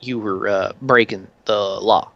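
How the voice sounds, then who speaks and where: A man's voice: on the low side, steady tone, unhurried, gravelly, fairly bright tone, dry recording, highs cut off. Man doing a slick, formal government official. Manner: formal, keeps saying sir, persuasive. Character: smooth-talking male government official, slick.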